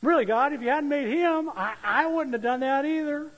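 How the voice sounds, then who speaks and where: A man putting on an exasperated high-pitched woman. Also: normal speed, a bit bright. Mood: indignant. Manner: pleading, indignant. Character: exasperated woman in the garden, blaming God. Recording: long church-hall reverb.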